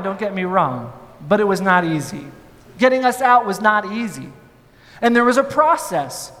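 A male pastor telling a story in a sermon, in an animated, playful way. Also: high-pitched, normal speed, long reverb tail.

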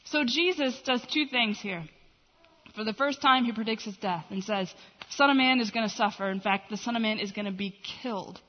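A woman's voice: on the high side, normal speed. Woman teaching the Bible in a hall. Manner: conversational, animated retelling with quoted voices. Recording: dull reverberant hall recording.

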